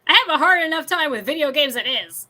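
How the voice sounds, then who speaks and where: Chatty woman guest, high and bright voice. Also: animated, quick pace. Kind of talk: casual chat.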